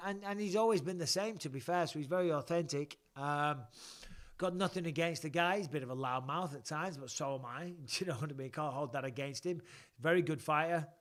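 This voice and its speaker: A man's voice: on the high side, fairly quick, a bit bright. Chatty man hosting a live Q and A. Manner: chatty, reads viewer questions aloud and answers candidly. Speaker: podcast host. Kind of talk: live-stream Q and A.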